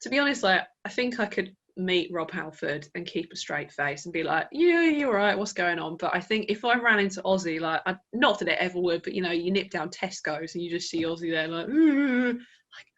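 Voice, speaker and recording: A young woman, a guest in a casual chat, who swears, laughs and does loud impressions. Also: on the low side, brisk, hardly any pauses, lo-fi sound. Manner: sweary, laughing, mimics people loudly. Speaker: guest, clothing brand founder.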